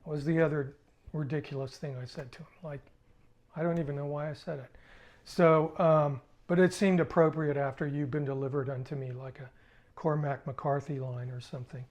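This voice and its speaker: An older man, a musician, recalling his past in a casual, halting spoken story with restarts. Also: on the high side, fairly even intonation, darkish tone.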